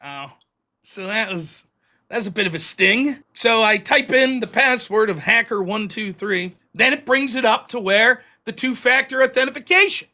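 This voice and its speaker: A man's voice: high-pitched, normal speed, bright, forceful tone. A man hosting a livestream show, telling a story casually, acting out both sides of the dialogue in a profane, self-mocking way.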